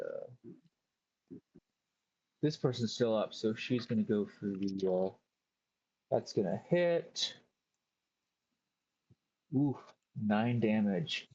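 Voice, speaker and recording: A man's voice: on the low side, a little mellow, highs cut off. A man running a tabletop game as game master, checking rolls and describing the scene.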